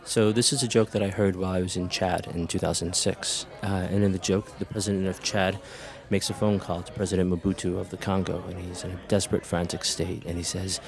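A man telling a joke in a calm, dry way. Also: sits low, fast talker, vocal fry, hardly any pauses. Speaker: joke teller.

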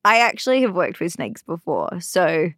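An Australian woman in her thirties chats as an interview guest. Her voice sits a little low, recorded close and dry. She talks freely, peppered with fillers and quick laughs. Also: big pitch swings, fairly bright tone, no room sound. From Sydney, Australia. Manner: chatty, laughs easily, many "like" fillers. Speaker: actor, guest. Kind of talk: casual interview chat.

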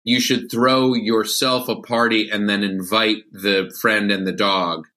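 A man's voice: steady tone, unhurried, bright, forceful tone. Playful man cracking puns. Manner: playful, punning, jumps up in pitch for jokes. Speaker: comedian guest. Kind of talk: casual comedic chat. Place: home, over a video call.

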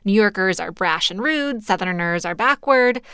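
A woman reporter delivering scripted radio narration in a crisp, conversational storytelling way. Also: mid-range voice, animated, moderate pace, sharp tone, dry recording, studio quality. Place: studio booth.

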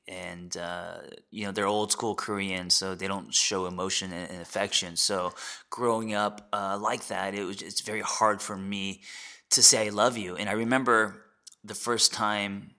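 A man in his forties, a podcast host and therapist, sharing a candid personal story in a reflective, halting way with many fillers and restarts. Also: low-pitched, little pitch movement, sharp tone. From United States.

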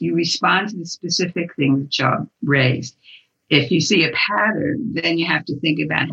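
Gravelly, husky older woman explaining. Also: low voice, fairly bright tone. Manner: thoughtful, measured, explanatory. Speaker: guest, author and activist. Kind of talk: interview answers. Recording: dull lo-fi sound.

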